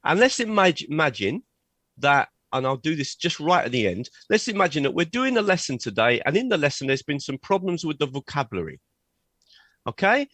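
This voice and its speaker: A man leading a live online teaching workshop and demonstrating software on a video call, checking in with "okay?" as he goes. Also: a little high, a little fast, no echo. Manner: energetic, frequent "okay?" check-ins. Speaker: teacher trainer. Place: at a computer sharing his screen.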